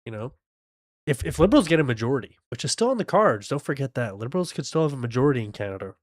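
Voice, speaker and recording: A man's voice: medium pitch, very animated, very fast, no echo, clean studio sound. A man hosting a livestream, giving blunt, profane political commentary over a clip. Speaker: livestream host.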